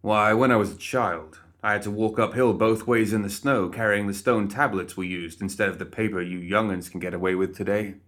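A man's voice: fairly low pitch, fairly quick, hardly any pauses, fairly bright tone, close to an everyday voice. A man voicing a boastful, condescending undead man who is only a severed head, in a storybook reading. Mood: smug. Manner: smug and boastful.

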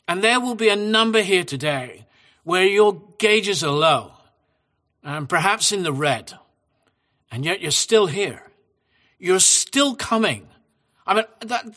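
Male preacher, slightly high, bright voice, gentle and conversational, reads scripture to the congregation. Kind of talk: sermon with scripture reading.

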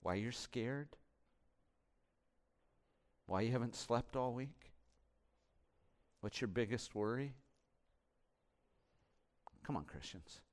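Male pastor, impassioned sermon delivery, hushed to booming, resonant tone. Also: slow pace, long pauses. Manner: impassioned, swinging from hushed to loud.

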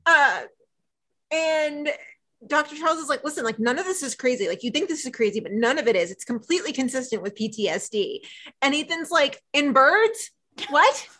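A woman co-hosting a casual podcast, retelling a TV episode in animated chat and acting out the dialogue. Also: high voice, fairly quick. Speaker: podcast co-host.

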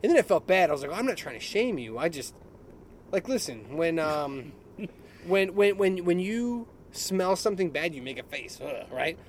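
A man's voice: high voice, very animated, normal speed, slight background noise. A middle-aged man telling a story in casual chat, laughing often and mimicking other people's voices. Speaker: podcast co-host.

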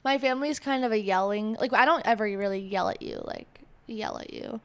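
Rambling woman with a creaky voice. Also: medium pitch, fairly quick. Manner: rambling, animated, lots of "like". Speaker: podcast host. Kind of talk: casual chat.

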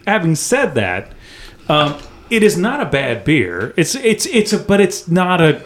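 Lively-voiced man hosting a beer chat. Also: fairly high pitch, a little slow, slight background noise. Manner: laughs often, animated. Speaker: podcast host. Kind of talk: casual beer-tasting chat.

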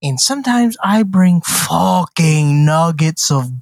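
A man's voice: a little high, expressive, slow pace, gravelly, no echo, studio quality. A man in his thirties co-hosting a podcast in casual chat, swearing freely, bragging in mock grandeur and laughing often. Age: 30s. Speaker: podcast co-host.

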